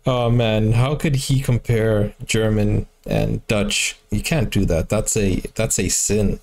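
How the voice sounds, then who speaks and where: A man's voice: lowish voice, steady tone, slow, creaky, darkish tone. A man hosting a reaction video, chatting casually, laughing at himself and tripping over his words. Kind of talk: casual chat.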